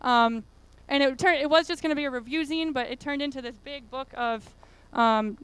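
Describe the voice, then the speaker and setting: A woman's voice: high-pitched, moderate pace, fairly bright tone, no room sound. A woman giving a casual conference talk, chatty and full of fillers. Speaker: conference speaker. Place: conference room.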